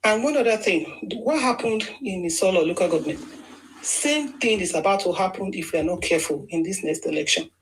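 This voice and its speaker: The rough recording carries a little hiss or hum as a woman with a Nigerian accent talks briskly in an expressive, medium-pitched voice. She's a political commentator whose casual monologue is emphatic, argumentative and full of restarts.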